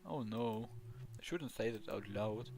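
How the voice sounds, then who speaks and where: A man's voice: on the low side, expressive, a little slow, vocal fry, darkish tone. A man reading as a cheerful ghost dog with a German accent. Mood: earnest. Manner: earnest, eager, simple phrasing. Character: cheerful male ghost dog, eager and sweet.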